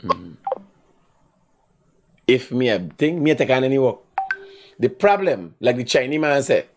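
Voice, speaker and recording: A man's voice: mid-range voice, big pitch swings, moderate pace, long pauses. A middle-aged man with a Guyanese accent hosting a live call-in show, talking bluntly and growing heated as he scolds a caller. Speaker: host taking calls.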